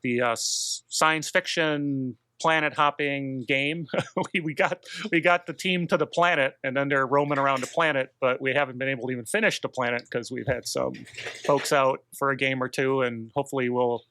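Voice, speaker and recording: A man's voice: mid-range voice, steady tone, normal speed, pushed and bright, clean tone, dry recording. A man hosting a tabletop game podcast in a laid-back, rambling way with fillers. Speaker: podcast host. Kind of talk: casual chat.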